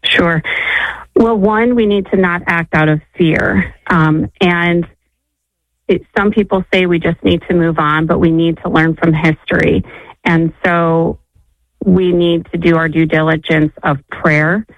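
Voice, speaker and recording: A woman caller, a former nurse, speaking earnestly on a phone-in show with frequent filler pauses. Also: on the low side, steady tone, no echo. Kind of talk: phone-in conversation. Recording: dull lo-fi phone line.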